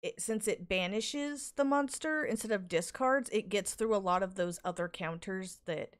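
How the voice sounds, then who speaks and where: A woman's voice: medium pitch, moderate pace. A woman in casual podcast chat, talking hesitantly with fillers and restarts. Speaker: podcast guest.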